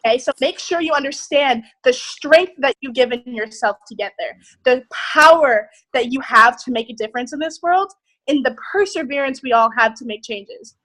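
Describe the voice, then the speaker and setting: A young woman leading a group on a video call, giving an excited, emphatic motivational talk with casual swearing. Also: high-pitched, moderate pace, poor audio. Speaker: group leader.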